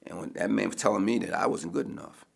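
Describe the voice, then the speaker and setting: Deep gravelly emphatic man from Baltimore. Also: quick pace. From Baltimore, USA. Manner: emphatic, preacherly, repeats and restarts words. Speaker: mayoral candidate, guest. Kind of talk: personal storytelling in a conversation.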